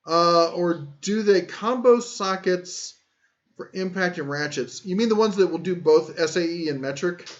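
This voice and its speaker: A high-voiced man rambles through a casual tool-talk live stream, cracking jokes at his own expense as he reads chat. The audio is muffled and lo-fi, like a cheap stream mic. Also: normal speed. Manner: rambling, joking, self-deprecating. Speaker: tool channel host.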